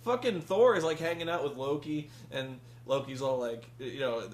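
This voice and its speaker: A man's voice: on the high side, normal speed. A man reviewing a film in casual chat, rambling and profane, often acting out characters' lines. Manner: rambling, profane, acts out quotes.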